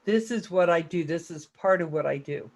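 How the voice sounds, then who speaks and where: A man's voice: a little high, a little fast. A man hosting a casual online chat show, talking in a rambling, chatty, self-deprecating way. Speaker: host.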